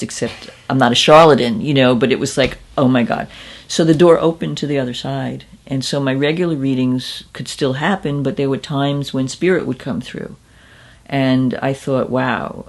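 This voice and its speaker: A woman's voice: extremely low pitch, a little mellow. A woman in her fifties, a psychic medium, telling her story in an interview in a candid, conversational, self-deprecating way.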